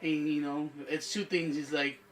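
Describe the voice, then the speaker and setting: Guy in his 30s, high voice, swearing a lot, kinda far from the mic, faint room noise. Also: level tone, moderate pace. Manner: storytelling, quoting friends, swearing. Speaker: podcast host. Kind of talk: casual profane chat among friends.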